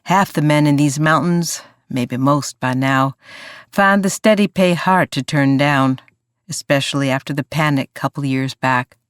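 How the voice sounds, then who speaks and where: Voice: medium pitch, a little slow, no echo, studio quality, lightly acted. A narrator voicing a wry grown male mountain laborer with a drawl and folksy talk.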